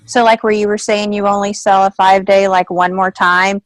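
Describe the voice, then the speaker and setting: A woman's voice: mid-range voice, level tone, moderate pace, no echo, rough recording. Woman asking questions on a call, kinda unsure, dry close sound. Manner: hesitant, searching for words. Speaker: team member asking questions. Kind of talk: casual call. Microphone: video call.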